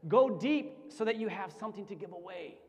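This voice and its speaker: High-voiced preacher in a reverberant hall. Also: male voice, expressive, brisk. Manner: storytelling, building to shouted exhortation. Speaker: pastor. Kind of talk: sermon.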